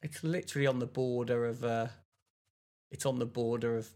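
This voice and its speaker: A man's voice: medium pitch, fairly even intonation, fairly quick, warm tone. A young English man on a casual podcast, telling a rambling story and mimicking other people's voices as he goes. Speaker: podcast co-host. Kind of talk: casual chat.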